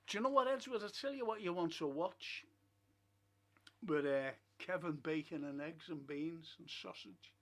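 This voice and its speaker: A man whose voice is fairly high-pitched with a fairly bright tone hosts a film and TV review show. Over his streaming setup, he tells stories and gives blunt opinions in a casual, chatty way.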